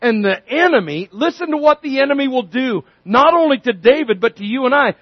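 A man preaching a sermon, telling a story with lively energy and acting out the characters' voices. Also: very high voice, fairly quick, husky, no echo, dull audio. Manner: animated storytelling, acts out voices.

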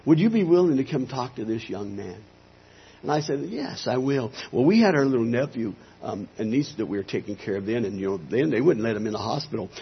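Husky earnest man telling a testimony. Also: mid-range voice, animated, a little fast. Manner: earnest storyteller who acts out quoted voices. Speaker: pastor. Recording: slightly dull lo-fi sound.

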